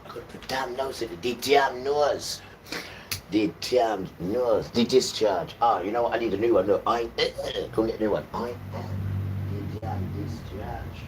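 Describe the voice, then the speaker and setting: Man host, rambling scripture talk, low voice, sits back from the mic with steady noise behind, jumps from mutters to shouts. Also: far from the mic. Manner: rambling, swings from mutters to loud outbursts. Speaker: livestream host. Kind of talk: informal scripture talk on a livestream.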